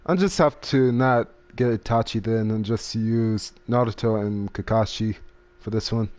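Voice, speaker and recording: Young male host, casual game chat, unhurried and meandering. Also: fairly low pitch, fairly even intonation, darkish tone. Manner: slow, rambling, trails off while browsing menus. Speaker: gaming channel host. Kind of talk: casual gaming podcast chat.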